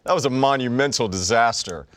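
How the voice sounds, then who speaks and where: A man's voice: medium pitch, fairly quick, fairly bright tone, no room sound. A young man co-hosting a podcast, chatting casually and sarcastically about sports. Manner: wisecracking, sarcastic. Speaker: podcast co-host.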